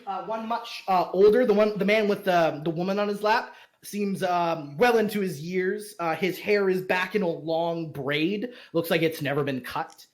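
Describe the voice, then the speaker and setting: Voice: mid-range voice, normal speed, few pauses. A game master narrating a tabletop game, rambling with many fillers and restarts.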